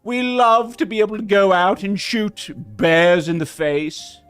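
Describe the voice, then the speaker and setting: A man's voice: high-pitched, a little slow, fairly bright tone, smooth, soft background music, voice pushed up. A man mimicking a smug gun-loving pundit. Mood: mocking. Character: smug male pundit defending guns.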